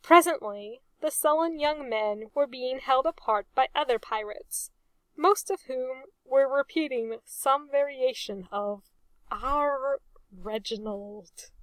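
A woman narrating a storybook aloud with an amused, expressive reading. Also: sits high, measured pace, dry recording.

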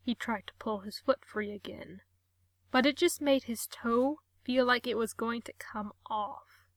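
A woman reading a comic story aloud in a wry, expressive way. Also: on the high side, unhurried, dry recording. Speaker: story reader.

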